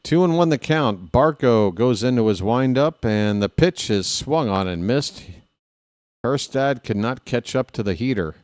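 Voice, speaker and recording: A man calling a baseball game play by play in a fan-made broadcast, rambling into joking asides between pitches. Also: animated, measured pace, a little mellow. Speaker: play-by-play announcer.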